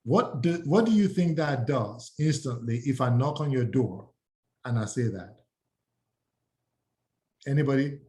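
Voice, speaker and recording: A man teaching real estate agents, energetic and acting out sample door-knock pitches. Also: a little slow, long pauses. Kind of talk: live training talk to agents.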